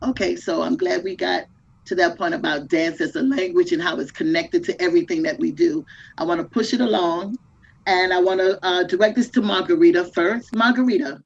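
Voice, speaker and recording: A woman moderates a panel and keeps the discussion moving. Her voice is raspy and gravelly with a husky edge. The audio is dull and lo-fi. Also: lowish voice, brisk. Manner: warm, affirming, frequent "yes".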